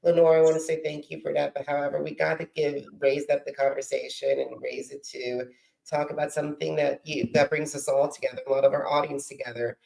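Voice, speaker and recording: A man's voice: a little high, level tone, a little fast, gravelly, darkish tone, low-quality recording. A man hosting a podcast interview, speaking earnestly and enthusiastically. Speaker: podcast host. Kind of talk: casual interview.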